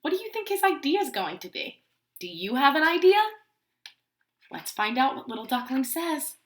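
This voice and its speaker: Animated preschool teacher reading aloud. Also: female voice, sits high, moderate pace. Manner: animated, asks children questions. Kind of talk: picture-book read-aloud for young children. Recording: roomy echo.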